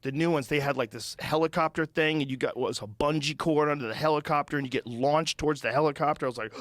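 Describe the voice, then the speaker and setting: A man's voice: a little high, fast talker, hardly any pauses, fairly bright tone, no room sound. Profane storytelling middle-aged man. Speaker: podcast host. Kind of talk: casual chat.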